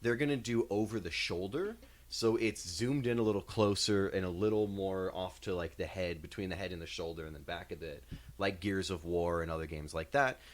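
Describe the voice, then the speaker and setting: Low-voiced man rambling in a podcast. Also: a little fast. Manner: rambling, explains at length. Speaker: podcast co-host reviewing games and movies. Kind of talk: casual chat.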